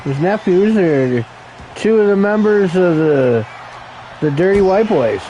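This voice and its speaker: A man's voice: sits high, animated, unhurried, dark tone, slight background noise, low-quality recording. Crude joking wrestling commentator, man. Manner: crude, joking, rambling, calls people brother. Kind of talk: profane play-by-play commentary.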